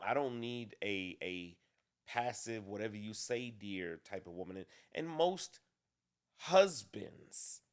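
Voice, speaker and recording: A man with a fairly low voice talks through relationship questions at an easy, considered pace. He doubles back and restarts now and then, like someone working his thoughts out aloud. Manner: deliberate, measured, with restarts. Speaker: co-host. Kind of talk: casual relationship talk.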